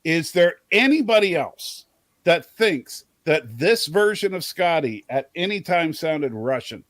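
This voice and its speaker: A man's voice: fairly high pitch, big pitch swings, a little slow, fairly bright tone, dry recording. A man hosting a livestream and chatting casually about a show, teasing his co-host and stumbling over restarts. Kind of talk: casual show discussion with chat.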